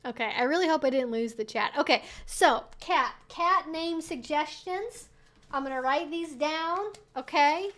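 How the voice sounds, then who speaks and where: High-pitched young woman streaming, chatty, says like a lot, bit sarcastic. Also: measured pace. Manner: chatty, lots of "like", sarcastic asides; soft baby talk to her dog. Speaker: streamer hosting a weekly Q&A. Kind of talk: casual livestream chat.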